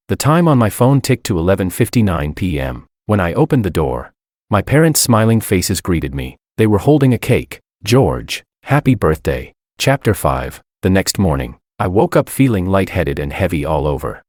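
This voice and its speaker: Deep-voiced man narrating a dramatic story. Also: no echo, studio quality. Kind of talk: first-person audiobook narration.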